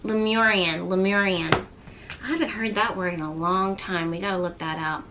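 A woman giving a tarot reading to her viewers, gently encouraging them and reading card texts aloud. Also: on the low side, a little fast, dull audio, noisy background. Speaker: tarot reader.

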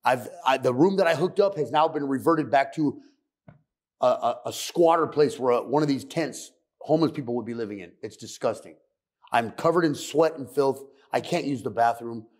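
A man's voice: medium pitch, darkish tone. A middle-aged man telling his addiction recovery story on a podcast, blunt and profane. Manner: blunt, profane, fast and intense. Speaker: guest sharing recovery story.

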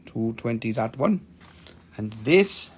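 On a casual live stream, a man sells crystals in a chatty way, swearing freely and reading viewer comments aloud. His medium-pitched voice is expressive and slow, with slight background noise. He pauses to count and name each item as he shows it.

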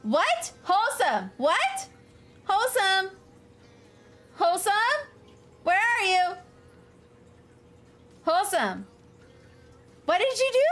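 Giggly high-voiced woman streamer. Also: wildly swooping pitch, takes it slowly, pauses often, a bit bright, soft background music. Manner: giggly, frequent laughter, chatty asides to chat. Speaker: streamer reading chat. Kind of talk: casual live-stream chat.

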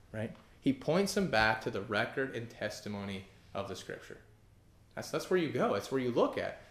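A man preaching a sermon as pastor, animated and emphatic, rising to loud peaks and acting out the voices of objectors. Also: mid-range voice, roomy sound. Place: church hall.

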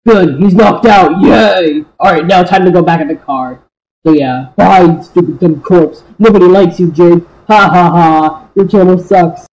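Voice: medium pitch, measured pace, darkish tone, lightly acted, low-quality recording. A young performer voicing a scheming, taunting cartoon villain in a rambling, gleeful way. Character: scheming villain who calls itself the Gazing Eye.

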